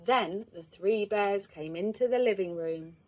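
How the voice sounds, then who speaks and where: A woman, reading a children's storybook aloud in an expressive, lively way. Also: mid-range voice, unhurried.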